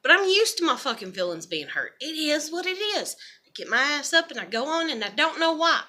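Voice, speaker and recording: A woman's voice: high-pitched, sing-song, a little fast, sharp tone. A woman, talking through her feelings in a rambling, emotional monologue full of swearing. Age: 30s. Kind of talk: confessional vlog monologue.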